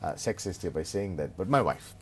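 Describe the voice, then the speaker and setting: Brief: middle-aged man, lowish voice, animated storyteller, playful and self-deprecating, interview guest. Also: brisk, a little hiss or hum. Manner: animated, humorous anecdotes, self-mocking asides. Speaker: business consultant and author as guest.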